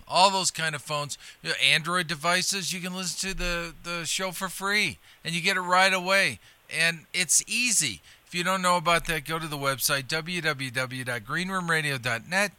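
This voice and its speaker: A man's voice: a little high, sharp tone, clear, resonant tone, no echo. A man from Illinois hosting a comedy podcast, chatting casually and laughing often. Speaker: host.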